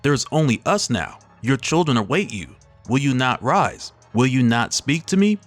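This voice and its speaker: A man's voice: mid-range voice, sing-song, normal speed, no echo, faint music behind, natural voice. A man reading as a solemn ancient goddess. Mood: solemn pleading. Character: ancient female elder god, solemn and power-hungry.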